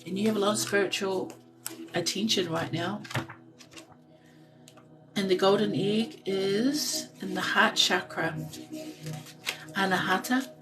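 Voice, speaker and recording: A woman giving a live intuitive card reading, talking in a soft, slow, meditative way and reading card text aloud. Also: mid-range voice, far from the mic, over music, rough recording.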